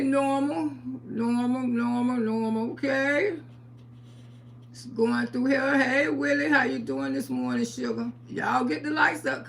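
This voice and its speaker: Older woman as a live-stream host: bright, gravelly, unhurried, quick to laugh. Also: high voice. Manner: chatty and playful, laughs often, calls viewers sugar and baby. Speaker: livestream host. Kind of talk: casual live-stream chat, greeting viewers.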